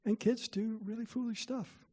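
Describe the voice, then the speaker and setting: A man's voice: very high-pitched, steady tone, normal speed, dark tone, husky. A middle-aged man giving a parent workshop, telling chatty, self-deprecating stories to the room. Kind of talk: storytelling talk to parents.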